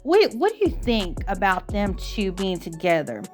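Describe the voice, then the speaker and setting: A woman's voice: medium pitch, big pitch swings, moderate pace, faint music behind. A woman chatting casually about clips for her channel, amused and talkative. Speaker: commentary channel host. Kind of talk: casual commentary over clips.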